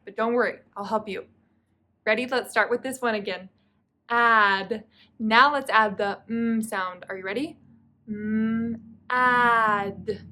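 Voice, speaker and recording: A woman teaching young children to read, sounding out each sound slowly and clearly and prompting them to join in. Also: a little high, pushed and bright. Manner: slow, clearly sounded-out speech with encouraging prompts. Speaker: reading teacher. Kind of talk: phonics lesson for young children. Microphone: camera mic, teaching at a whiteboard.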